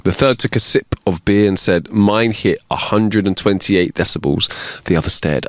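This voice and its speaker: A man co-hosting a comedy podcast, reading listener jokes aloud with animated delivery and put-on voices for the characters. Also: sits low, moderate pace, hardly any pauses, no echo. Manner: animated joke telling with big laughs and put-on voices. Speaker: podcast co-host.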